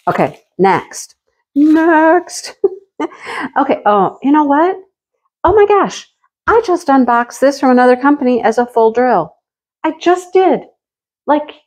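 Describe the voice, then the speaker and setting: Excitable woman gushing over craft supplies. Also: mid-range voice. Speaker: craft channel host. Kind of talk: casual unboxing vlog.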